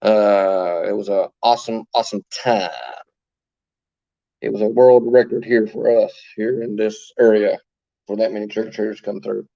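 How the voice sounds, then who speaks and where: A man's voice: fairly low pitch, fairly even intonation, moderate pace, gravelly, dark tone, lo-fi sound. A man hosting a casual livestream from his phone, chatting and greeting viewers by name as he answers their comments. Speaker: livestream host.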